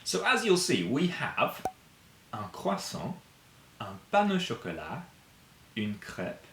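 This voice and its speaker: A man teaching basic French to beginners and kids, saying each word slowly and clearly for learners to repeat. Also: lowish voice, fairly bright tone, echoey room, slight background noise. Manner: slow, drawn-out repetitions for learners to copy.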